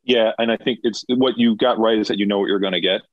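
A man with a low voice co-hosts a podcast in easygoing chat, talking in an emphatic, opinionated way. His audio is dry and dull, as if from a modest lo-fi setup. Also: steady tone, fast talker, no echo. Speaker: podcast co-host.

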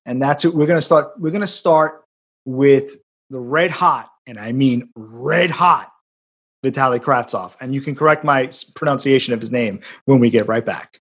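A man's voice: mid-range voice, slightly rough. A man hosting a casual chat, playful and joking as he leads the talk. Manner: jokey, playful, quick to laugh. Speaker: podcast host.

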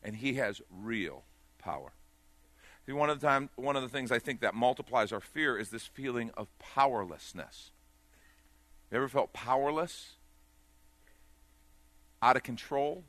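A man's voice: lively intonation, measured pace, long pauses, no echo. Male pastor, sermon delivery, dynamic swings, dry close-miked sound. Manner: swings between loud urgent peaks and quiet low asides.

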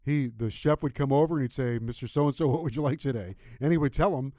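A man's voice: medium pitch, fast talker, warm tone, no echo, studio quality. A middle-aged man guest-hosting a sports radio show, chatting casually and laughing easily.

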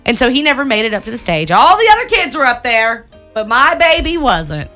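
A woman co-hosting a casual chat, telling a story with lively acted-out quotes. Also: on the high side, brisk, soft background music. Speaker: co-host.

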